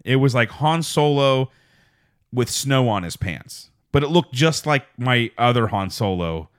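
A man hosting a podcast in casual chat, rambling with many restarts and fillers, putting on a deep radio-style voice. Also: lively intonation, a little slow. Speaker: podcast host. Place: small home studio.

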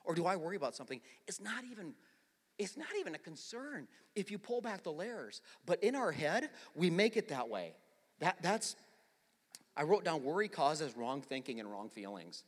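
A middle-aged male pastor preaching a sermon in a conversational, storytelling way that swells into forceful emphasis. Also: high voice, very animated, moderate pace, husky. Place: large church. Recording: long hall reverb.

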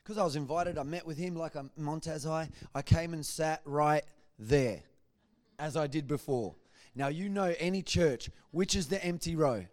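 A man giving a church testimony, telling his story in a lively way and acting out what people said. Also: on the high side, normal speed. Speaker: guest speaker giving testimony.

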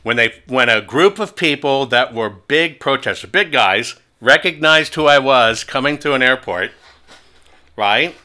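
Guy hosting a talk show, sharp bright voice, goes on pushy rants. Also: mid-range voice, animated, a little slow. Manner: forceful, taunting storytelling. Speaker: host.

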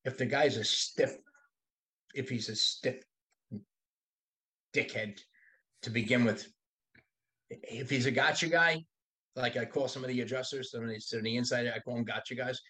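A man's voice: mid-range voice, fairly even intonation, normal speed, long pauses, pushed and bright. A man in his sixties, a body shop owner, talking bluntly and with profanity as a podcast guest. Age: 60s. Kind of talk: casual podcast conversation.

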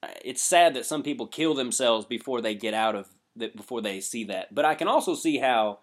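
A man's voice: medium pitch, lively intonation, a little fast. Laid-back, reflective man in casual chat.

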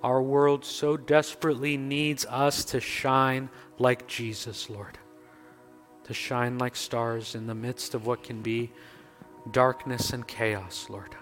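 A man's voice: mid-range voice, steady tone, slow pace, fairly bright tone. A man preaching a sermon as pastor and leading a closing prayer, building his points through emphatic repetition. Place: church sanctuary. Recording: long reverb, faint music.

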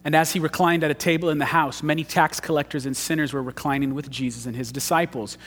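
A male pastor preaching a sermon, swinging from loud emphasis to hushed intensity. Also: on the high side, steady tone, fast, slight background noise. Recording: long church hall reverb.

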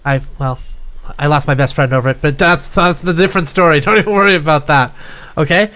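A man's voice: a little high, brisk, pushed and bright. Bert, a man playing a flustered rookie call agent. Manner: flustered, stammering, rambling. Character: nervous young male call center worker. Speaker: improviser. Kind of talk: improv comedy scene.

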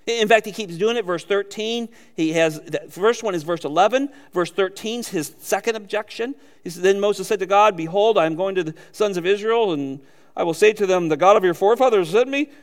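A male pastor preaching with a fairly high voice and lively delivery. He acts out quotes in character and chuckles often as he talks. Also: brisk, long reverb tail. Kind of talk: sermon.

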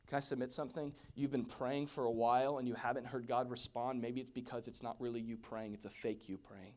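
A man's voice: medium pitch, level tone, a little fast, few pauses. Man preaching with dramatic swings. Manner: dynamic, swinging from hushed whispers to loud exclamations. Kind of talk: sermon.

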